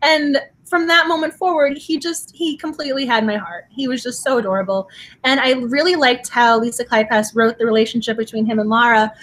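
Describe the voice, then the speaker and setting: A woman's voice: on the high side, steady tone, fairly quick, fairly bright tone. A woman co-hosting a casual book discussion, gushing and laughing often as she talks. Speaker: book podcast co-host.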